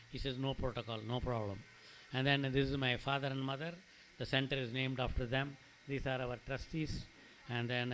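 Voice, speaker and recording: A man's voice: medium pitch, fairly bright tone, slight background noise, poor audio. A middle-aged man with an Indian English accent, an eye doctor giving a loose, rambling talk to an audience at a clinic opening. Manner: rambling, conversational, stops to address people by name. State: emotional, near tears. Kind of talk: informal presentation to an audience. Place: event hall.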